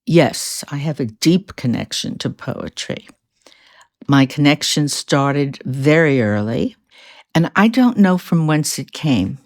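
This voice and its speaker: A woman's voice: deep voice, lively intonation, takes it slowly, a little mellow. An older woman from Brooklyn, a guest reminiscing candidly in an interview. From Brooklyn, New York. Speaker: guest, psychotherapist. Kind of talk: casual interview talk.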